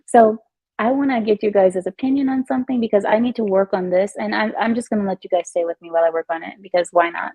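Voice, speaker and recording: A woman with a husky, breathy voice gives chatty, emphatic commentary for her vlog. She speaks at an ordinary mid pitch, and the sound is dry and close. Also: fast, darkish tone, no echo, rough recording. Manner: chatty, emphatic, repeats herself, laughs often. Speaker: vlogger. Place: at home in her new house.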